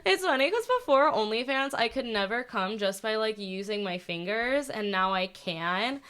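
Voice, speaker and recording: A woman's voice: a little high, lively intonation, moderate pace, fairly bright tone, smooth. A woman in her twenties, a podcast guest, chatting casually with lots of "like" and frequent giggles. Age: 20s. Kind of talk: casual chat.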